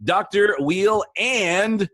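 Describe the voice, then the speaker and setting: A man's voice: sits high, extremely slow, fairly bright tone, no room sound. A man hosting an interview show, reading a guest's introduction in an upbeat announcer style and then chatting casually. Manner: upbeat, mock radio-announcer delivery. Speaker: show host.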